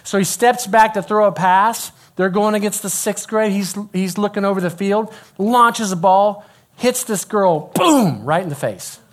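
A middle-aged man giving a sermon, an animated storyteller who drops to a hushed voice when quoting dialogue. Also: high-pitched, normal speed. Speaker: youth pastor.

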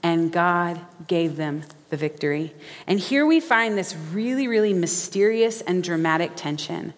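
A woman preaching a sermon, folksy and animated, acting out quotes as she tells stories. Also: on the low side, measured pace. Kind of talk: sermon with storytelling. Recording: reverberant hall.

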